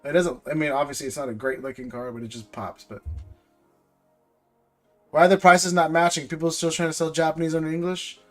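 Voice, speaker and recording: A man's voice: on the high side, fairly even intonation, a little fast, faint music behind. Rambling man on a livestream. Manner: rambling, repeats words, ranting. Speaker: live stream host opening card packs. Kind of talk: casual livestream chat.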